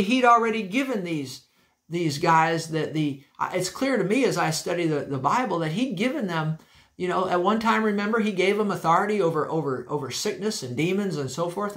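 Man preaching a sermon, high voice, emphatic, folksy, repeats himself, church setting. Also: vocal fry, a bit bright. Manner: emphatic and folksy, repeating key phrases, frequent restarts. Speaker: pastor.

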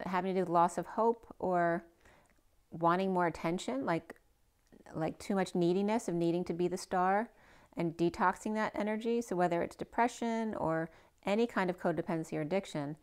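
Woman tarot reader, slightly hoarse, lowish voice, musing aloud over the cards. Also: darkish tone. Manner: thinks aloud, muses and questions the cards as she goes. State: a bit hoarse, losing her voice. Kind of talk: casual spoken tarot reading to viewers.

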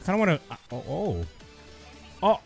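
A young man giving excited live commentary over his own gameplay, shouting and cheering when he gets kills. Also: a little high, normal speed, soft background music. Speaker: gaming youtuber.

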